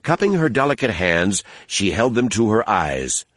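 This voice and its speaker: A man narrating an audiobook in a steady, measured storytelling manner on a close mic. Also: lowish voice, no echo. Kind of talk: scripted narration.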